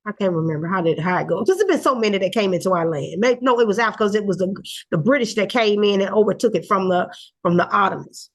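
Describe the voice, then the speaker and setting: An older woman gives an informal teaching. Her delivery is earnest and rambling, full of pauses and self-corrections. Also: on the high side, fairly bright tone. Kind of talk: casual teaching talk.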